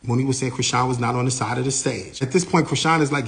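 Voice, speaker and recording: A man, a manager, giving a lively first-person account of an incident, his voice rising and getting louder as he gets heated. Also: fast talker, gravelly. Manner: animated, grows louder and higher when heated.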